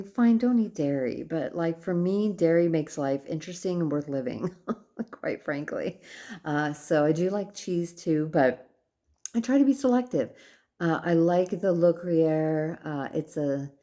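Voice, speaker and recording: Woman vlogger, low voice, tired, chatty and rambling, casual diary talk. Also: darkish tone. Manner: chatty, rambling, self-correcting with frequent fillers.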